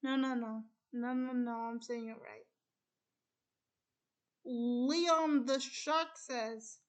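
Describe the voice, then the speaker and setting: A woman retelling a film plot in a casual chat, halting and stringing events together with repeated "and then.". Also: a little high, steady tone.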